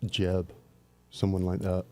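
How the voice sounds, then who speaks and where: A man on a talk show panel dropping dry, low-key remarks. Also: completely flat delivery, slow pace, a little mellow, dry recording. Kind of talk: talk radio chat.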